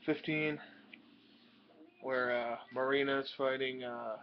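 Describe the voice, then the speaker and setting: The speaker is a young comic book collector presenting his purchases in a slow, steady, medium-pitched voice. He rambles casually through the new comics in a show-and-tell vlog, with plenty of ums and uhs, on a dull lo-fi home recording.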